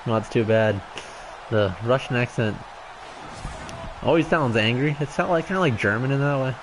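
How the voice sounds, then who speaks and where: A young man calling his own video game match live, chatty and joking, getting excited on big plays. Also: medium pitch, moderate pace. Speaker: gaming YouTuber. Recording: noisy home recording.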